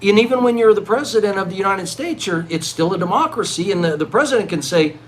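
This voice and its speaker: A middle-aged man vlogging live in a rambling monologue, swinging from loud, excited outbursts to low mutters. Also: fast talker, rough recording. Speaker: livestreaming vlogger.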